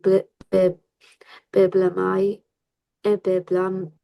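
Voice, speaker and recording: A woman student reading vocabulary aloud, halting and restarting as she sounds out each word. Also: medium pitch, monotone, gravelly, warm tone.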